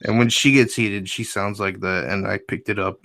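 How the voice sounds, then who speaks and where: A man with a fairly low voice, recorded close and dry. He banters and cracks jokes in a casual podcast chat. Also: steady tone, normal speed, gravelly, a bit bright, dry recording. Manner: joking, wisecracking. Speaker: podcast panelist.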